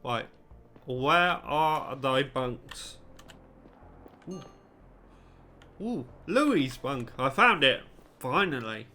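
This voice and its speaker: A man's voice: medium pitch, expressive, drawn-out words, long pauses, sharp tone, slight background noise. A man hosting a let's play, reading game dialogue aloud and commenting on it in between.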